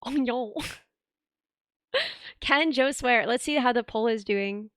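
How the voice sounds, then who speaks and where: Excitable high-voiced woman streamer. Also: a little slow, smooth, no echo, clean studio sound. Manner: excitable, squealing thanks to donors. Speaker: streamer host. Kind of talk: casual live stream chat.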